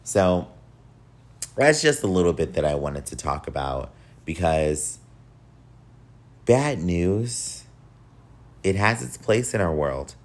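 Deep-voiced nasal podcast host. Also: male voice, big pitch swings, unhurried. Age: young adult. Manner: candid, encouraging, casual with swearing. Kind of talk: solo podcast monologue.

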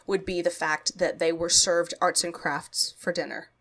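A woman's voice: fairly low pitch, flat delivery, moderate pace, a bit bright. A young woman co-hosting a book podcast in casual chat, wry and plain-spoken, reacting with groans. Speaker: podcast co-host.

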